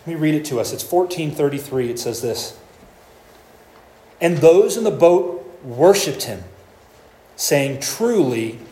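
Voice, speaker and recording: A man's voice: fairly high pitch, expressive, moderate pace, warm tone, roomy sound. A man preaching a sermon, reading scripture passages aloud and explaining them with earnest emphasis and small restarts. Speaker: pastor.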